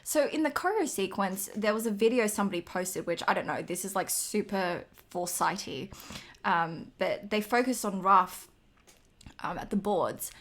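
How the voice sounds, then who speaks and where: A woman co-hosting a podcast in loose, casual chat. She talks a lot, swears without a second thought and laughs easily. Her voice sits in an ordinary middle pitch. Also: animated, normal speed, a bit bright. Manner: chatty, swears freely, laughs often. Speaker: podcast co-host.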